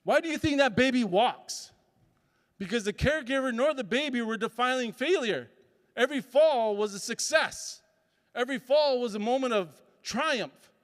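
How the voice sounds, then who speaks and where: A man's voice: extremely high pitch, expressive, moderate pace. A man giving a motivational talk as a summit speaker. He tells stories and acts out voices and sounds. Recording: reverberant hall.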